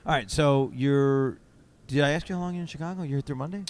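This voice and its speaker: A man's voice: medium pitch, fast talker, a little mellow. A man hosting a podcast at a convention, rambling through stories in a self-mocking, casual way. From upstate New York. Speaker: podcast host. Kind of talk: casual chat. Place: convention floor.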